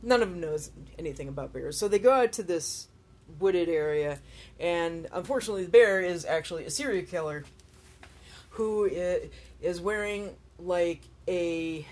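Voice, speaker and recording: A woman chatting casually about a movie, rambling with fillers and amused asides, sounding tired. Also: fairly low pitch. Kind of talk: casual film chat.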